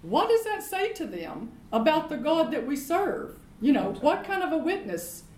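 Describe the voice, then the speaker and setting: High-voiced emphatic woman Bible teacher. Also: very animated, moderate pace, a little mellow, echoey room, poor audio. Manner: emphatic, repeats points, asks rhetorical questions. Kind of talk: teaching sermon in conversation.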